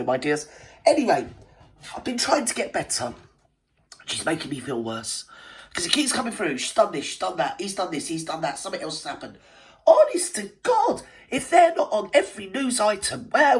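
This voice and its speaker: A woman with a cold, hosting a reaction video in cheeky, gossipy casual commentary with many asides to her viewers. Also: low voice. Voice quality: stuffy, cold-affected voice. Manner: chatty, cheeky and theatrical, with lots of asides to viewers. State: has a cold.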